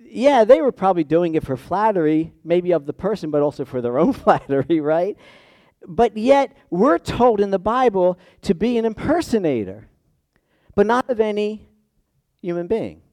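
Middle-aged man, pastor's sermon, slightly high voice, dry close sound, loud peaks then quiet asides. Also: big pitch swings, moderate pace, no echo.

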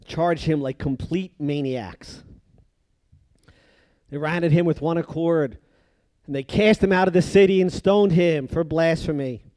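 A man preaching a sermon, moving between loud emphatic passages and hushed, drawn-out phrases. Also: fairly high pitch, dry recording.

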